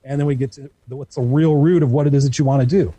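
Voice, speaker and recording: A middle-aged man talks at a rapid clip in a husky, slightly breathy voice. He is a coach who tells stories with animated energy and drops into the voices of the people he quotes. His tone leans dark and mellow, a bit higher than most men. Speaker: coach and guest. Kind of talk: radio talk show interview.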